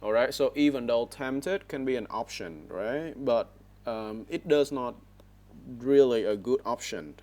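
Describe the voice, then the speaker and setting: A man's voice: medium pitch, measured pace, darkish tone. A man teaching an online English speaking class over a headset, correcting words and checking in with frequent "all right?" prompts. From Vietnam.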